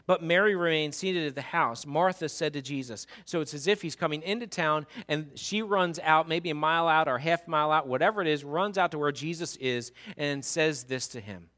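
Male pastor, sermon, bright tone, somewhat high pitch, dramatic, hushed to shouting. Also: moderate pace, few pauses. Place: church.

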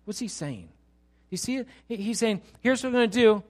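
Middle-aged male preacher, a little high-voiced, animated, keeps quizzing the congregation. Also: normal speed. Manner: animated, rhetorical questions to the congregation. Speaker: pastor. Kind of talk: sermon.

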